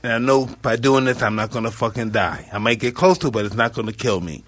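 A man in his fifties hosting a casual talk show, swearing constantly and swinging from low mutters to loud outbursts. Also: fast talker, no room sound. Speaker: podcast host. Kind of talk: casual profane chat.

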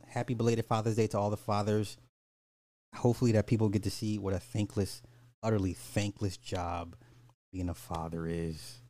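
A man's voice: lowish voice, dark tone, no echo. A man hosting a podcast of casual social commentary, blunt and slangy, swearing freely as he gives his opinions. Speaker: podcast host.

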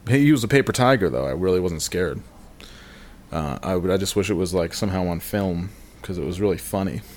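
A man with a low voice tells a comic story on a podcast. He rambles, swears casually and laughs at his own expense. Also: animated, a little fast, darkish tone. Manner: rambling, self-deprecating, profane, often laughing. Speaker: podcast guest telling a story.

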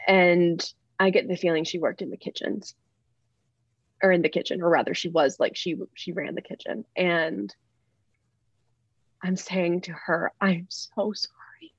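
A woman's voice: fairly low pitch, steady tone, normal speed, no room sound. A woman, a podcast guest, telling a personal story in an earnest, rambling way, often restarting and correcting herself. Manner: earnest and heartfelt. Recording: dull, slightly lo-fi dry sound.

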